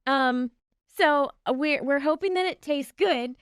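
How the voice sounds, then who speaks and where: A woman co-hosting a podcast chats casually about her baking, giggling at herself in an animated, self-deprecating way. Her voice sits high and moves at a measured pace. The sound is studio quality with no echo.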